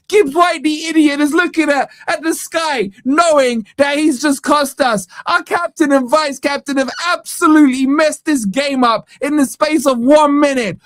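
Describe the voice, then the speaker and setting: A man's voice: very high voice, normal speed, a bit bright, no room sound, clean studio sound. Exasperated man ranting over football. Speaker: fan channel host. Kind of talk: live match watch-along commentary. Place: studio.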